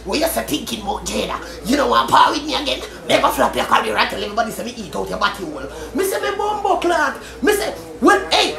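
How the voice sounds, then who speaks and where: A woman with a Jamaican Patois accent in a loud, cursing, taunting social media rant. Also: fairly high pitch, big pitch swings, quick pace, creaky, few pauses, over music. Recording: echoey room with faint noise.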